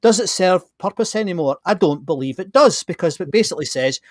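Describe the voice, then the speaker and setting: Blunt, animated man. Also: high-pitched, fairly quick, no echo, clean studio sound. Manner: animated, blunt, many restarts. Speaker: podcast host. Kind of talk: casual conversation.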